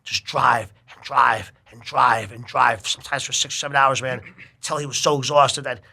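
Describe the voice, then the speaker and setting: A middle-aged man telling a long personal story in casual chat, animated and full of swearing. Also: mid-range voice, moderate pace, creaky, husky.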